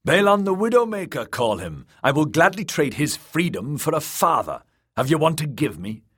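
A man's voice: on the high side, very animated, normal speed, fairly bright tone, breathy edge, voice pushed up, heavily acted. A man reading an audiobook, voicing a haughty young nobleman who speaks with scorn. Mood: bitter. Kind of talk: audiobook character voice.

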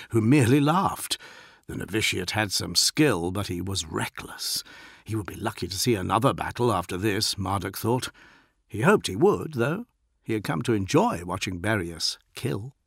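A man narrating an audiobook in a steady, dramatic reading. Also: fairly low pitch, gravelly, breathy edge, no echo, clean studio sound.

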